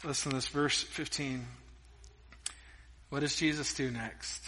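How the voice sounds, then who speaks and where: A middle-aged man preaching a sermon, telling stories with lively energy and dropping between loud emphasis and quiet asides. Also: mid-range voice, a little slow. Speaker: pastor. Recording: long reverb of a large hall.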